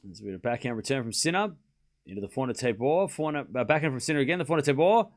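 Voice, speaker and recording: A man hosting a live tennis watchalong stream, calling each rally shot by shot and chatting with his viewers in an excitable way. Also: mid-range voice, very fast. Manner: excitable, calls rallies shot by shot and talks to chat. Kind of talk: live play-by-play commentary and chat.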